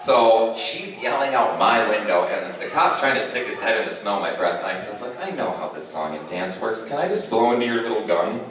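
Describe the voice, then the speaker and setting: A man does a stand-up set at a convention panel, swinging his pitch widely as he tells stories. He keeps stopping on fillers between lines. The recording is echoey and far from the mic, with steady noise behind him. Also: fairly quick, hardly any pauses, crowd noise. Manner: loose storytelling with frequent fillers. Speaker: stand-up comedian. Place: convention panel room with audience.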